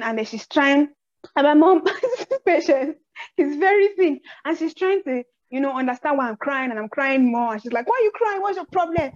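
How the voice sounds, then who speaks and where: A young woman with a Nigerian accent tells personal stories on her podcast. Her voice sits high, and she acts out the people in her stories with a lot of energy. The recording is a little muffled and dry, with no room sound. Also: dry recording. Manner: animated storyteller who acts out quotes. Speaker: podcast host. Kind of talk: casual chat, personal storytelling. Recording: slightly dull, dry audio.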